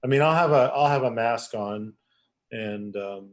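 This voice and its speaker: A man on a video call as a guest artist, speaking in a dry, deadpan teasing way. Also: mid-range voice, measured pace. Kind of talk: casual group chat on a video call.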